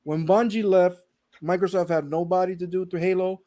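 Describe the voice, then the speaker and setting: A man's voice: sits high, fairly even intonation, moderate pace, warm tone, no room sound. A man co-hosting a gaming podcast, talking emphatically and insisting on his point with repeated denials. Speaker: podcast co-host. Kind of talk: casual podcast chat.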